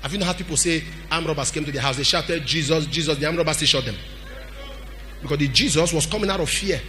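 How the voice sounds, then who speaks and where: A man preaching a sermon as a pastor, animated, with sudden shouts and a sing-song cadence. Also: fairly high pitch, quick pace, faint music behind.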